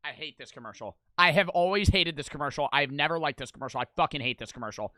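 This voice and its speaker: A young man casually reacting to old TV commercials, swearing freely and breaking into loud, incredulous outbursts. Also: on the high side, animated, quick pace, hardly any pauses, dry recording.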